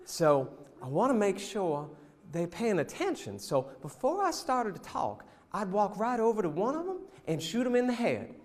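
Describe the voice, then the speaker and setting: A man imitating a calm, matter-of-fact woman who proposes ruthless discipline, speaking slowly and softly without emotion. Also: high voice, long reverb tail. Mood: deadpan.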